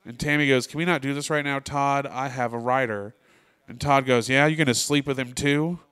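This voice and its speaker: A male comedian doing a stand-up set in a comedy club, telling deadpan stories and quoting the people in them. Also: medium pitch, brisk, smooth.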